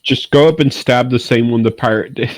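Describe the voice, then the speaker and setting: A man playing a tabletop game, explaining rules in a halting, casual way. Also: medium pitch, no echo, poor audio. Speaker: player.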